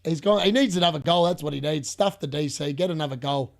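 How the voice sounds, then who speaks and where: A young man with a gravelly voice on the high side talks fast while commentating a live football match for his fantasy football stream. He's excitable, laughs often, and engages his chat.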